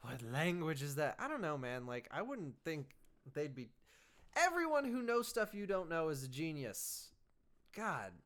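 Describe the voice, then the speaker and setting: A man's voice: on the high side, big pitch swings, measured pace, a bit bright. A man reading manga aloud on a stream, giving casual, wry, self-mocking commentary. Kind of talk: casual read-along commentary.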